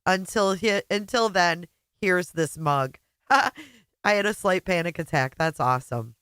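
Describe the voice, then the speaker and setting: A woman's voice: lowish voice, expressive, a little slow, fairly bright tone, clean tone, no room sound. A middle-aged woman hosting a casual livestream chat, emotional and teary, greeting viewers by name. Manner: emotional, chatty, reading out viewer names. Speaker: livestream host.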